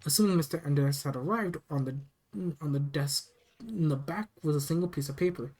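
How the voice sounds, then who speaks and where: A narrator reading a first-person horror story aloud, steady and plain, with small restarts. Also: mid-range voice, a little fast, poor audio.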